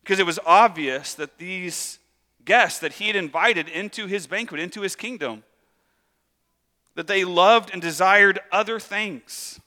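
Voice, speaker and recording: A man preaching a sermon in a casual, conversational way, acting out lively asides. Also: sits high, long reverb tail. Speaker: pastor.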